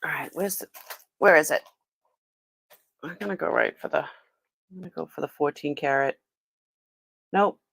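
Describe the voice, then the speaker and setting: A chatty woman hosting a live-stream sale, with a somewhat low voice. She talks to viewers as she unboxes and tests items, often exclaiming and laughing. The sound is dry and close. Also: normal speed, creaky, long pauses, a bit bright, breathy edge, no echo.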